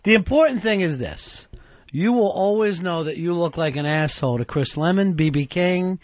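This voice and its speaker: A man's voice: high voice, lively intonation, moderate pace, dry recording, lo-fi sound. A man co-hosting a radio talk show, blunt, profane and sarcastic in casual banter. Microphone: studio microphone.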